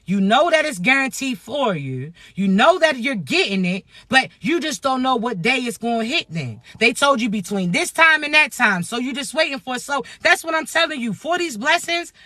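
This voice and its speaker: A woman with a Floridian accent giving an animated, profane spiritual pep talk to her viewers in a slangy, preachy way. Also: sits high, moderate pace, few pauses, no echo. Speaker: spiritual motivational speaker.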